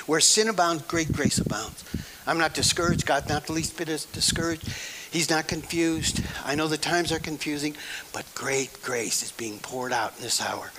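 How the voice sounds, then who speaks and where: A man's voice: a little high, background noise. A male preacher giving a folksy, emphatic sermon, repeating phrases and often breaking into laughter.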